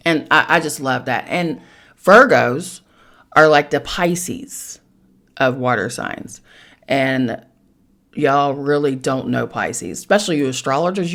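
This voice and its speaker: Low-voiced woman reading tarot, animated. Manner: animated, profane, swings between loud bursts and low asides. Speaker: podcast host reading tarot. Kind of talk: casual tarot reading chat.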